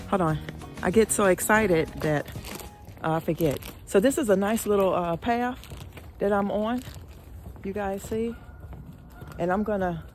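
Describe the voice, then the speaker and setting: Lady vlogging on a park trail, chatty and excited, warm mellow voice. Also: medium pitch. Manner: chatty and excitable, keeps calling out to viewers. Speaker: lifestyle vlogger. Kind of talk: casual outdoor walking vlog. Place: outdoor park trail by a pond.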